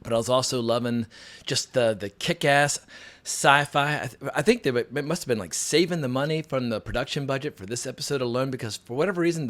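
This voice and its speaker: A man talking casually and enthusiastically as he reviews a TV episode, his voice scratchy from getting over a cold, often rambling and restarting. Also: mid-range voice. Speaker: TV review vlogger.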